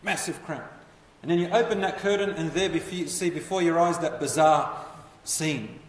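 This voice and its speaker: A man telling a history story as a lecture, animated and putting questions to his listeners. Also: on the high side, normal speed. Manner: animated, asks the audience questions. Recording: echoey hall, voice from far off.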